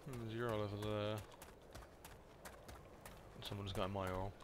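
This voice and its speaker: A man's voice: lowish voice, steady tone, moderate pace, background noise. A man, casually muttering commentary over his gameplay and swearing freely. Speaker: gaming video creator.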